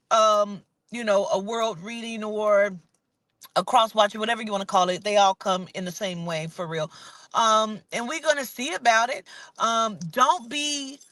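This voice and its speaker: With a slightly bright voice and a clean, roomless recording, a woman preaches her spiritual views in a profane, fervent monologue. Points get repeated and pressed hard, and her voice falls to a low mutter as she says she's becoming angry.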